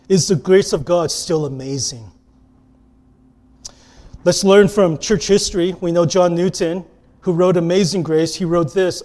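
A man preaching a sermon as a pastor, earnest, moving between emphatic lines and hushed ones. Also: sits high, measured pace.

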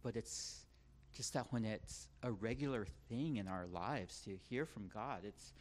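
A man's voice: lowish voice, a little slow, slight background noise. A man preaching a sermon in an earnest, conversational way, often restarting his words, then leading the congregation in prayer.

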